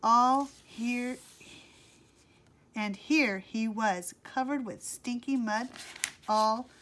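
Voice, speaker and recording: A woman narrating a children's book aloud in a slow, expressive read-aloud manner. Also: on the high side, a little hiss or hum. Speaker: audiobook reader. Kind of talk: storybook narration.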